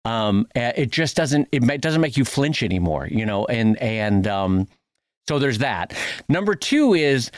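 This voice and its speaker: A man co-hosting a podcast in casual chat, animated and quick, now and then acting out quoted voices. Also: medium pitch, dry recording, clean studio sound. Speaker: podcast co-host.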